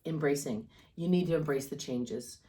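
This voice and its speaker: A woman's voice: low voice, moderate pace, dark tone. A woman giving a casual tarot reading, talking in an encouraging, rambling way with many fillers and restarts. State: coughing and yawning at times. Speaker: tarot reader.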